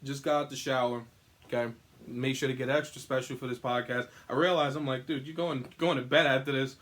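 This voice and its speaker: A young man hosts a solo podcast from a room in his house. He talks in a loose, profane, animated ramble at a middle pitch and sometimes breaks into song. He is still getting over an illness. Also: a little fast. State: recovering from illness. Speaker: podcast host. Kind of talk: casual solo podcast monologue. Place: indoor room at home.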